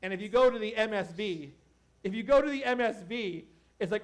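A man preaching a casual, conversational sermon as a pastor, animated and joking, with many asides to the congregation. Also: sits high, brisk.

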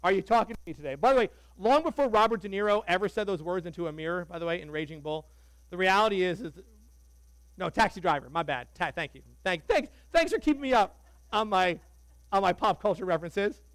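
A man preaching a sermon as pastor, animated and conversational, joking with the congregation. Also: sits high, brisk, no echo, poor audio.

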